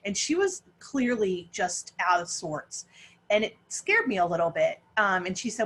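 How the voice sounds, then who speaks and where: Middle-aged mom rambling thru a story on a zoom panel, lots of restarts, bit of hiss behind. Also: female voice, medium pitch, sing-song, moderate pace, fairly bright tone. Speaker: parent panelist.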